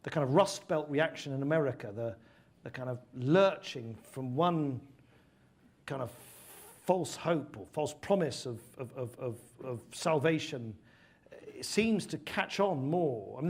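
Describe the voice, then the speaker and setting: His voice is fairly high, animated, and darkish, with a breathy edge, delivered at normal speed. The speaker is a middle-aged British former politician from the UK, a guest speaker earnestly fielding interview questions and telling stories animatedly in British English.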